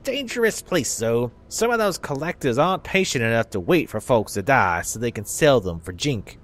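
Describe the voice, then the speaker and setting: A man's voice: mid-range voice, very animated, normal speed, close to an everyday voice. A man voicing a crusty, gossipy old male bar regular in a put-on Southern drawl. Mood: scornful.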